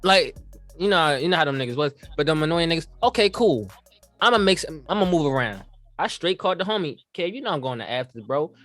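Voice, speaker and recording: A man's voice: a little high, big pitch swings, fast, fairly bright tone, soft background music. A young man on a podcast, telling a story in casual slang and acting out the quoted lines as he goes. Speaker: podcast co-host.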